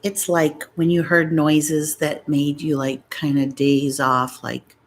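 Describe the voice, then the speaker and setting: A woman's voice: deep voice, little pitch movement, slow pace, faint music behind, poor audio. A middle-aged woman chatting casually and rambling to her viewers on a live stream. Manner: rambling, talks straight to viewers. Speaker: mukbang vlogger.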